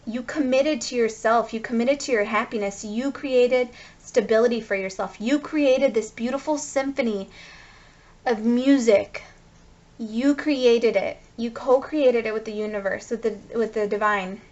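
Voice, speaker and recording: A woman's voice: fairly high pitch, normal speed, a little mellow, dull audio. A woman giving a tarot card reading, gushing and speaking straight to her viewers. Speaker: tarot reader.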